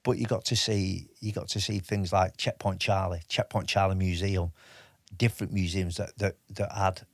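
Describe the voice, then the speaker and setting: A man in his fifties recalls his army days in a relaxed interview. He speaks in a low voice and often stops and restarts mid-sentence. The sound is close and dry. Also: gravelly, no room sound. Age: 50s. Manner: halting, with many restarts and fillers. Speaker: podcast guest, army veteran. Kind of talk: casual interview storytelling.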